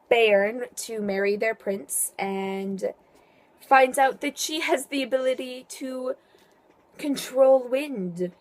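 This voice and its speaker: A woman's voice: mid-range voice, a little mellow. A teenage girl chatting casually about her favourite books in a vlog, with playful, sarcastic asides. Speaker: book vlogger. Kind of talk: casual book review vlog.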